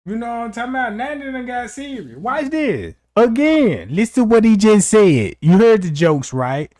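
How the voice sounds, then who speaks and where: A man hosting a livestream, talking straight to his viewers in a mocking, animated way. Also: sits high, moderate pace, no room sound, clean studio sound. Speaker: stream host. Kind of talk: livestream commentary.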